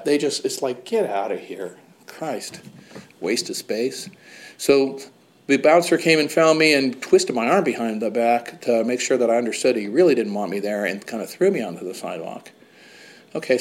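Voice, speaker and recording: A man's voice: medium pitch, a little hiss or hum. A man candidly telling his own recovery story with blunt words and wry, self-deprecating humor. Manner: blunt with casual swearing.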